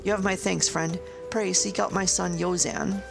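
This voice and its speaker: A woman's voice: fairly low pitch, steady tone, normal speed, gravelly, music in the background. A woman voicing a courteous villager from a fantasy game, reading formal old-fashioned lines. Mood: polite. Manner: formal, old-fashioned phrasing read aloud. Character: courteous adult villager asking for help.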